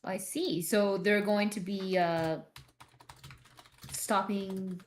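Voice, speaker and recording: A woman's voice: medium pitch, steady tone, extremely slow, slight background noise. A woman playing a weary, drifting former bodyguard in a tabletop game, speaking politely in a hesitant, rambling way. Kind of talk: tabletop role-play in character.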